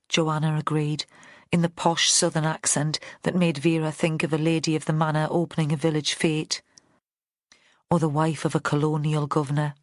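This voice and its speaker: In clean studio sound with a dry recording, a deep-voiced woman narrates an audiobook from a script. Her storytelling stays measured and even throughout.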